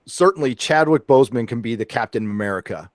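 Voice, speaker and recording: A man's voice: medium pitch, fast, no echo, clean studio sound. A man who is a podcast guest, talking casually in an earnest, rambling way with many fillers. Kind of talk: casual opinion chat.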